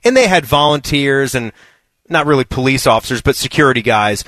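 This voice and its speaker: A man's voice: medium pitch, lively intonation, fairly quick, fairly bright tone, no room sound. A man co-hosting a sports radio show, telling stories casually and laughing often. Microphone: studio mic.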